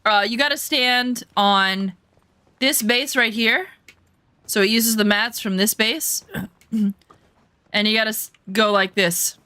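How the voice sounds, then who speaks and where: A woman gaming streamer talks to her chat in an unhurried, drawn-out way, joking and swearing freely. She pokes fun at herself and gets flustered easily. Her voice sounds close and dry, with no room around it. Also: fairly high pitch, steady tone, sharp tone, smooth, no echo. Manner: self-mocking, easily flustered. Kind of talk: casual gameplay chat with viewers.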